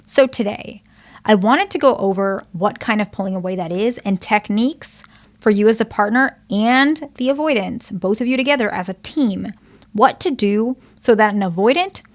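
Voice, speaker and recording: A woman therapist explains relationship patterns to the camera in an earnest, patient way. Her voice carries a steady vocal fry at a middle pitch, and she keeps checking in with her listener. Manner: earnest, checks in often with "okay?" and "right?"; explains patiently with example dialogues. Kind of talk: advice monologue to camera.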